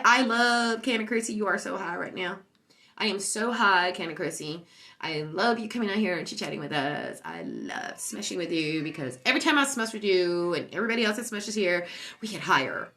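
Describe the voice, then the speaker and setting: A woman's voice: medium pitch, sing-song, moderate pace, sharp tone. A stoned woman hosting a casual livestream, rambling, boastful and giggly. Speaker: livestream host.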